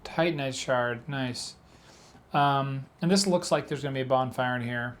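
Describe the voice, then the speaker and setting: A man's voice: mid-range voice, moderate pace, fairly bright tone. Rambling man gaming. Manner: rambling storyteller, heavy filler words. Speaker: let's play gamer. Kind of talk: casual gameplay commentary.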